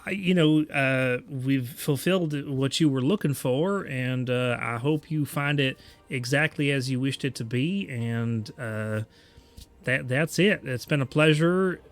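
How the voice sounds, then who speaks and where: A man's voice: mid-range voice, measured pace, faint music behind, lightly acted. A man putting on a rambling Southern courier girl. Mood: polite. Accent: attempted American Southern. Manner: rambling, self-correcting. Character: young woman courier, fumbling and chatty.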